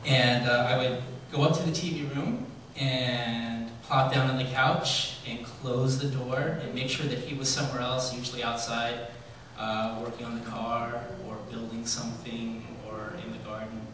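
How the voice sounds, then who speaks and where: Man in his forties delivering a storytelling eulogy, halting with ums, heard from a distance in a very echoey hall with faint ambience. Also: medium pitch, level tone, a bit bright, slight background noise. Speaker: son giving a eulogy. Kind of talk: eulogy told as personal stories.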